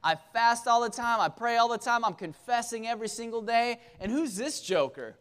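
A man playing a jealous longtime churchgoer in a comic sermon skit, ranting loudly and complaining. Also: very high voice, animated, normal speed, clean tone, voice pushed up. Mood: indignant rant. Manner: loud, complaining rant.

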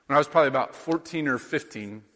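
A man's voice: medium pitch, fast, a bit bright, big-room sound. A man in his thirties from rural Iowa, preaching a sermon in a conversational way, with lots of rhetorical questions. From rural Iowa, USA. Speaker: pastor.

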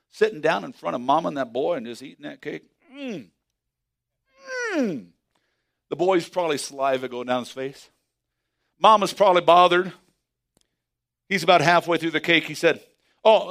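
A man preaching a sermon as pastor, swinging from hushed asides to excited shouts. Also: on the high side, fairly quick, gravelly.

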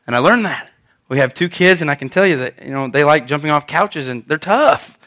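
A man in his thirties, a pastor giving a conversational Mother's Day sermon, animated and prone to repeating himself. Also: a little high, moderate pace.

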